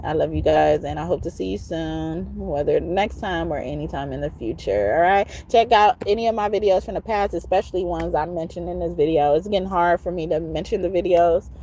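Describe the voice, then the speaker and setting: A woman's voice: lowish voice, slight background noise. A woman who gives spiritual readings, signing off in a rambling, affectionate casual talk, often ending lines with "okay?" and laughing. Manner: breaks into soft, slow crooning singing. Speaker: tarot reader. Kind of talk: casual spiritual sign-off monologue.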